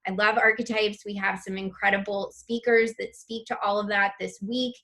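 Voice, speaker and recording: A woman's voice: mid-range voice, flat delivery, normal speed, bright, forceful tone. A woman presenting a live online spiritual masterclass, reading chat comments aloud and gushing over them with open emotion.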